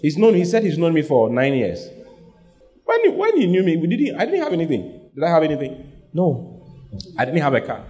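A man's voice: on the high side, wildly swooping pitch, moderate pace, mellow, soft background music. A man preaching a sermon, speaking emphatically, repeating his lines and having the congregation say them back. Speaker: pastor.

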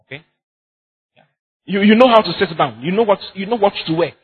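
A man's voice: high voice, animated, fairly quick, slightly rough, narrow, tinny audio. A man preaching a sermon as pastor, emphatic and repetitive, often laughing as he speaks.

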